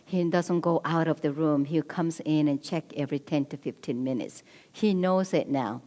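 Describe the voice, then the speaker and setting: A woman's voice: low voice, moderate pace, mellow. A middle-aged woman speaking at a church marriage seminar, earnest and coaching, repeating her key points. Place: church hall. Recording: long reverb of a church hall.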